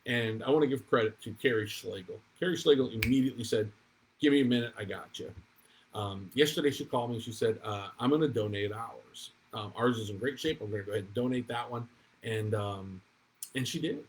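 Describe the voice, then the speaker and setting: A man's voice: mid-range voice, a little fast, slight background noise, rough recording. A man from Maine in his forties, hosting a casual chat show and telling stories with many ums and restarts. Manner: rambling, warm storytelling with many ums and restarts. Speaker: real estate broker and show host. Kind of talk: casual morning chat to viewers.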